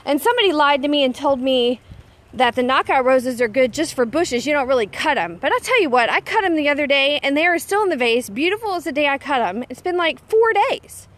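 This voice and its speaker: Chatty woman, high voice. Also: animated, brisk, fairly bright tone. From Texas. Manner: chatty, bossy pep-talk, self-teasing. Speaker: homesteading vlogger. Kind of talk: casual gardening vlog. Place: outdoor garden.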